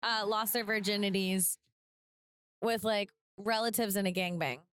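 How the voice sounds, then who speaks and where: A woman guesting on a road-trip podcast, blunt and wisecracking with deadpan jabs. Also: mid-range voice, a little slow. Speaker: comedian guest. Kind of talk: casual chat on a road trip. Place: inside a moving car.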